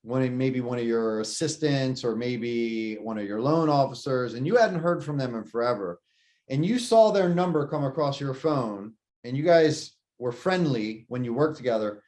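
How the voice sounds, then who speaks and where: A man co-hosting a casual podcast, talking shop with lively energy and acting out imagined phone calls. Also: mid-range voice, normal speed. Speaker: podcast co-host. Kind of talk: casual real estate podcast chat.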